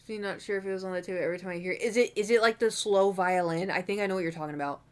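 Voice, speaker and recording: A woman's voice: mid-range voice, rapid-fire, clean tone. Young woman, streamer, casual rambling chat, candid, swears, filler-heavy, home desk mic. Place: home room.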